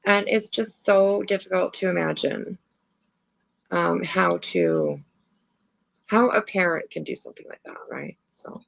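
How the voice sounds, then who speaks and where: A woman's voice: fairly low pitch, sing-song, a little slow, gravelly. A woman hosting a casual livestream, rambling with many fillers and the odd swear while she comments and reacts. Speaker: livestream host. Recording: lo-fi stream audio.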